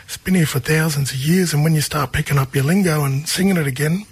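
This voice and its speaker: Speaking fast with a breathy edge and a voice on the high side, an Australian man who is a musician guest spins stories casually. He frequently restarts and repeats phrases along the way.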